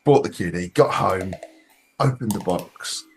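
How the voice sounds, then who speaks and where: A man's voice: low voice, lively intonation, unhurried, soft background music. A Scottish man co-hosting a casual hobby podcast, chatting over a call with frequent restarts and casual swearing. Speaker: podcast co-host. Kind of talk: casual chat.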